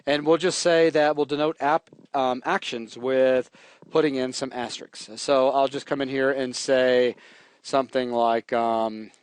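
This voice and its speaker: A man teaching programming in a relaxed, jokey way while he types, walking through code on a live stream. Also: medium pitch, a little slow, smooth, dry recording. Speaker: programming instructor. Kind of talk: live coding tutorial.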